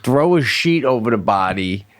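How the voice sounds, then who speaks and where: A man's voice: mid-range voice, expressive, moderate pace. A middle-aged man co-hosting a podcast, riffing in casual comic chat, incredulous and swearing. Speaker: podcast co-host.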